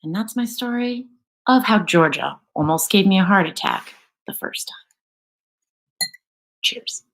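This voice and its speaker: A woman's voice: mid-range voice, expressive, slow, rough recording. A woman from New York telling a personal story live, casual and profane, acting out the people in it.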